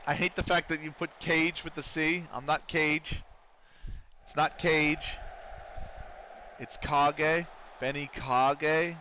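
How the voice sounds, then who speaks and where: A man's voice: a little high, steady tone, takes it slowly, sharp tone, lo-fi sound, a little hiss or hum. A man livestreaming a game, chatting casually with viewers, swearing freely and breaking into play-by-play calls. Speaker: streamer.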